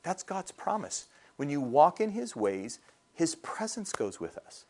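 Fairly high and sing-song, with a darkish tone and measured pace, this middle-aged male pastor delivers a conversational sermon. He keeps pausing to check in with his congregation, asking "all right?" again and again.

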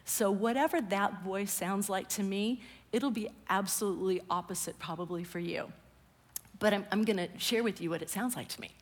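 A woman's voice: medium pitch, moderate pace, big-room sound. A woman preaching a conversational sermon, often dropping her voice to a whisper for emphasis.

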